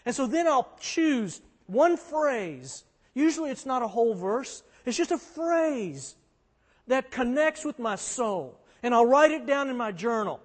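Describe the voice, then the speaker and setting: A man's voice: very high voice, sing-song, a little slow. A man preaching as a pastor, earnest and conversational, driving points home with emphatic repetition. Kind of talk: sermon. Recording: long hall reverb.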